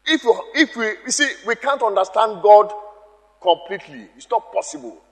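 A man's voice: sits high, big-room sound. A man preaching a sermon, emphatic, repeating key phrases and calling out to the congregation.

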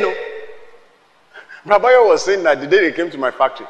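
A male pastor delivers an emphatic sermon. His voice sits high, and he punches key lines up to a shout. He calls out to the congregation to repeat after him, and a long reverb trails each phrase. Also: lively intonation, brisk, long pauses. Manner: emphatic preaching, shouted peaks, call-and-response.

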